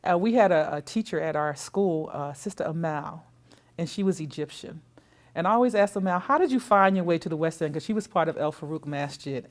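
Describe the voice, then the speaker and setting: A woman's voice: on the low side, a little mellow. An older woman giving an oral history interview, telling her story in a reflective way. She often repeats words and restarts phrases, and she acts out what other people said. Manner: reflective storytelling, quotes others in their own voices. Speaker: interviewee recounting community history.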